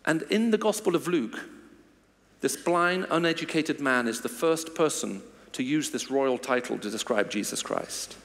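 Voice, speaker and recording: A man's voice: on the high side, animated, normal speed, a bit bright. A man giving a sermon, reading scripture and then retelling the story with emphasis. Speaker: preacher. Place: church hall. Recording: long reverb of a large church.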